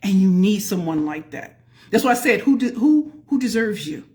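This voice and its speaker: A woman hosting a casual live stream as a pitch coach, greeting viewers by name and calling out to the audience as y'all. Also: big pitch swings, moderate pace, warm tone. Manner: folksy, addresses the audience as y'all.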